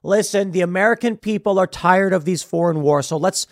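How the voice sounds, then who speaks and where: A man imitating a mild, conciliatory male politician with measured speech. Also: high voice, no echo, studio quality.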